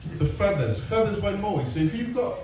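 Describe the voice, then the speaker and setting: A man's voice: sits high, animated, fairly quick, darkish tone, distant mic, a little hiss or hum. A man in his forties from England doing a stand-up comedy set, sarcastic and sweary, telling stories and chatting with the crowd. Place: comedy club stage. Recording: roomy live venue, mic heard from afar, crowd. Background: audience laughter.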